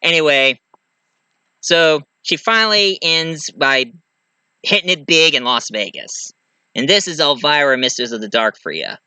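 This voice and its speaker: A man with a rather high, very bright and sharp voice rambles through a movie plot in a chatty review. He keeps a loose, casual grammar and leans on plenty of fillers. The sound is dry and close, with no room around it. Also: animated, a little slow, smooth, no room sound.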